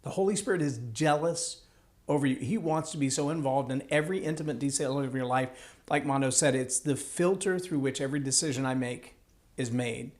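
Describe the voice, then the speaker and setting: A man's voice: mid-range voice, a little fast, darkish tone. A man hosting a faith-based TV interview show, introducing the topic in religious terms and prompting his guest to go on. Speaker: TV interview host. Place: TV interview set.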